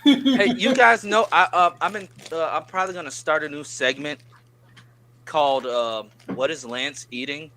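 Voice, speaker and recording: A man's voice: on the high side, moderate pace, pushed and bright. A man hosting a casual live stream chat, often stammering and repeating words as he starts his sentences.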